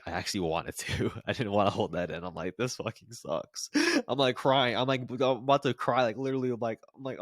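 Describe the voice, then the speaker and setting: A man in his twenties casually telling a personal story to the camera, rambling and animated with frequent restarts. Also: medium pitch, no echo, clean studio sound. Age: 20s. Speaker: vlogger.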